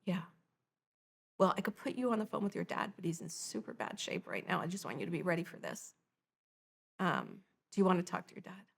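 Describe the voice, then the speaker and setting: Middle-aged woman with a gravelly voice. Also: on the low side, brisk. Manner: animated, acts out quoted dialogue. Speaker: guest, nonprofit founder. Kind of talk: emotional personal storytelling.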